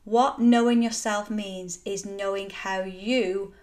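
A woman's voice: mid-range voice, fairly even intonation, takes it slowly, a little mellow. A middle-aged woman hosting a solo motivational podcast, talking in an earnest, encouraging and emphatic way. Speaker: podcast host.

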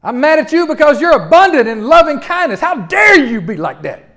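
A preacher voicing a furious, indignant male prophet who shouts his complaints at God. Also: extremely high pitch, big pitch swings, rapid-fire, voice pushed up, full character voice.

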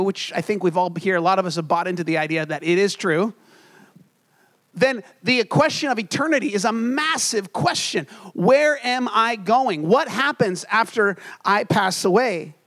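High-voiced young man preaching a sermon. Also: fairly bright tone. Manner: storytelling, self-deprecating and earnest. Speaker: pastor.

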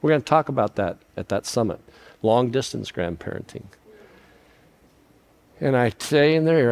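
An older man giving a sermon on parenting, sappy and self-deprecating, moving between loud emphasis and hushed lines. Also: medium pitch, animated, moderate pace, pauses often. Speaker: guest speaker on parenting.

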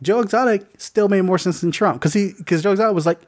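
A man's voice: sits high, fast. Rambling, swearing young man co-host. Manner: rambling, animated, swears a lot, many fillers. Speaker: podcast co-host. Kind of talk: casual chat.

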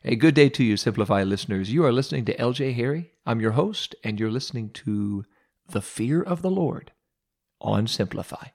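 A man hosting a radio devotional, telling a humorous, self-mocking story with dramatic pauses. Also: medium pitch, lively intonation, darkish tone.

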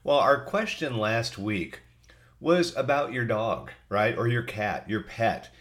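A man's voice: medium pitch, expressive, slow, a bit bright. A middle-aged man with a cold, hosting a podcast in a chatty, folksy way as he reads out listener answers. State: has a cold. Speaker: podcast host. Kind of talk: casual solo podcast reading listener answers.

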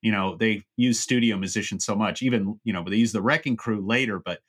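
A man's voice: on the low side, fairly quick. A man co-hosting a podcast, chatting casually about music with many fillers and restarts. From Southern California. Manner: rambling, full of fillers and restarts. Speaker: podcast co-host.

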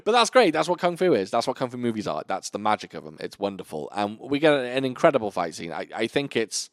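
Male podcast host, animated delivery, swears a lot, dry close sound. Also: medium pitch, fast, no echo. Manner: enthusiastic, swears often, lists titles. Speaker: podcast host reviewing kung fu films. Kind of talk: casual chat.

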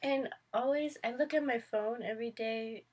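A young woman co-hosting a podcast, giggly and low-key as she chats casually. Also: normal speed, a little mellow, slightly rough. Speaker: podcast co-host. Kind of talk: casual chat.

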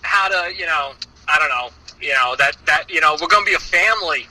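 A man's voice: fairly high pitch, brisk, bright, forceful tone, rough recording. A man, father of a small child, ranting and swearing with lots of laughter as a podcast guest. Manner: profane, ranting, laughs a lot. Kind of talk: casual podcast chat.

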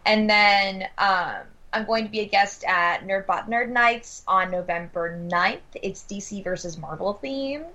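A woman's voice: mid-range voice, measured pace, hardly any pauses, bright, forceful tone. A woman co-hosting a podcast, enthusiastic and gushing in casual chat. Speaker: podcast co-host.

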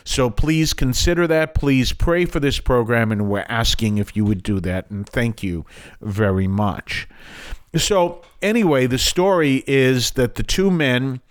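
A man's voice: mid-range voice, a little slow, clear, resonant tone. Earnest older man reflecting on scripture. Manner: earnest, explanatory with frequent asides. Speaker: radio program host.

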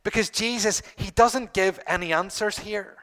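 A middle-aged man preaching a sermon to his congregation, earnest, repeating phrases and pausing for emphasis. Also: high-pitched, bright, forceful tone. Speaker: pastor.

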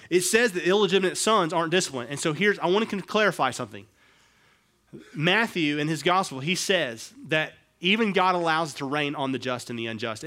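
A middle-aged male pastor delivers a sermon, alternating between hushed, low asides and loud, forceful passages.

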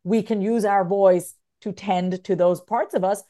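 Candid woman with a mellow voice. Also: mid-range voice, fairly even intonation, unhurried, few pauses. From United States. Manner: candid and emotional, swings from tearful to laughing. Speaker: podcast guest, author. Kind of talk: candid interview conversation.

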